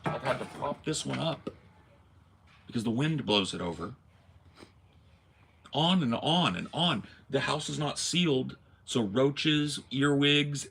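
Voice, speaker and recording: A man hosting a casual talk show, telling stories with animated ranting and acting out phone calls. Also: medium pitch, gravelly, breathy edge. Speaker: podcast host. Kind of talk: casual storytelling chat. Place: home.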